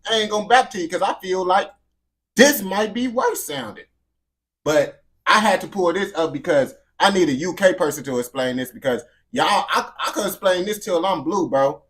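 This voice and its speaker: A man's voice: sits high, expressive, fairly quick, few pauses, fairly bright tone. A man giving casual, slangy, emphatic reaction commentary. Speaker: reaction video host.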